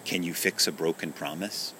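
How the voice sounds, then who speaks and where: A man voicing a gentle, riddling magical rooster in a storybook reading, speaking in a soft, hushed, questioning way. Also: deep voice, normal speed, slight background noise. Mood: mysterious.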